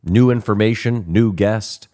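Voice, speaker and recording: A man's voice: lowish voice, mellow. A man co-hosting a casual podcast, pushing back skeptically and asking pointed questions. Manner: skeptical, quick to push back. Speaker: podcast co-host.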